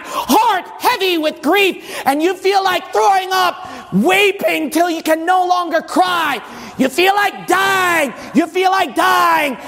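High-pitched guy preaching slow and dramatic, lots of ups and downs, big hall echo. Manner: dramatic, swings into shouting and sing-song. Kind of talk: sermon. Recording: long hall reverb.

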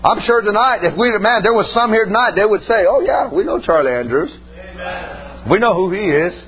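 Pastor guy, high voice, folksy storytelling, says amen a lot, muffled church tape. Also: lively intonation, a little fast. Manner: folksy, exclaims amen often, laughs at own stories. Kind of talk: storytelling sermon.

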